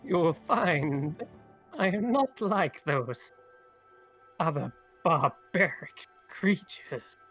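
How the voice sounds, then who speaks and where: A man's voice: on the high side, lively intonation, very slow, fairly bright tone, slightly rough, soft background music, voice pushed up, exaggerated voice. A man voicing a sly, teasing unseen creature that lurks in a tunnel and laughs like a bird. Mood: haughty teasing. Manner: teasing, haughty.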